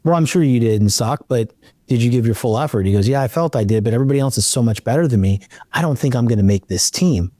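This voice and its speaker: Man, middle-aged, podcast host, animated storyteller, mid pitch, dry close mic. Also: quick pace, dry recording. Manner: animated, acts out dialogue in his storytelling. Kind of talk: storytelling in a casual interview.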